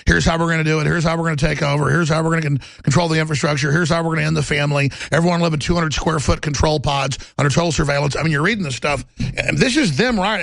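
A man's voice: fairly high pitch, quick pace, creaky, fairly bright tone, no echo. A man hosting a talk show, delivering an intense, heated, rambling monologue.

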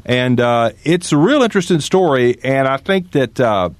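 A man appearing as a guest on talk radio, telling stories in an animated way and cracking sarcastic jokes. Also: medium pitch, normal speed, no echo.

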